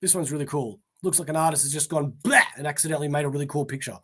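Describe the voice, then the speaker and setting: A man's voice: on the high side, racing, fairly bright tone. An Australian man hosting a comic pre-order show alone, reading titles like a newscaster and trailing off into mumbled asides. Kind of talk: casual solo list reading.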